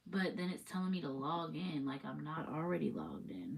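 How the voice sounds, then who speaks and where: A woman's voice: sits low, sing-song, moderate pace, gravelly, few pauses. A woman who gives spiritual readings, chatting loosely on a live stream, rambling and swearing casually. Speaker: spiritual reader on a livestream. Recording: distant mic with faint noise.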